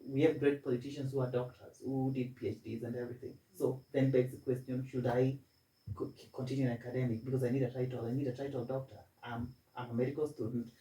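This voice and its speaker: A man's voice: mid-range voice, flat delivery, quick pace, warm tone, far from the mic. Man in his 20s, confident student guest who stammers on restarts, recorded off-mic in a roomy space. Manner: self-assured, repetitive, stammering restarts. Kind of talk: casual interview. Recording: echoey room, voice from off-mic.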